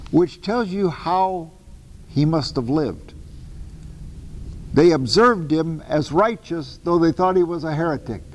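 A man giving a lecture on the Bible to a class, talking in an animated, emphatic way with casual asides and self-corrections. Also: fairly high pitch, long reverb tail, slight background noise, low-quality recording. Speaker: Bible teacher.

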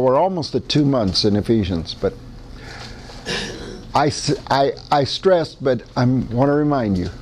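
A man's voice: mid-range voice, darkish tone, a little hiss or hum. Folksy Midwestern preacher man. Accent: Midwestern American. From American Midwest. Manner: conversational, folksy, with frequent restarts. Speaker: pastor. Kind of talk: sermon.

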